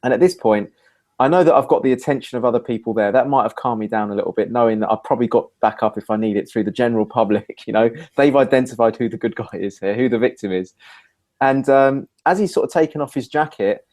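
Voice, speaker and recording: A man, hosting a talk show and telling a lively personal story in casual conversation. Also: quick pace. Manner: animated storyteller, rising pitch when acting out his own quoted lines. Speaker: podcast host.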